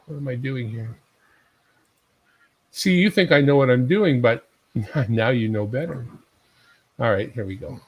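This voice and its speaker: A man's voice: medium pitch, a little slow, long pauses, slightly rough, dry recording, poor audio. A man hosting a casual live stream, commenting in a joking, self-mocking, chatty way. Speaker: livestream host.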